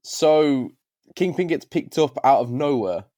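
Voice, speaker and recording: A man's voice: on the high side, lively intonation, a little slow, mellow, no echo, clean studio sound. A young man co-hosting a podcast, joking and laughing in casual chat. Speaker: podcast co-host.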